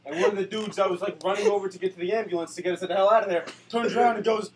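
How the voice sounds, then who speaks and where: A high-voiced young man rattles through a comic rant at a quick clip and breaks into sarcastic shouts. He sits away from the camera mic, and a faint hiss runs under his voice. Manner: ranting, shouting bursts, sarcastic. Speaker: storyteller. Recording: distant mic with faint noise.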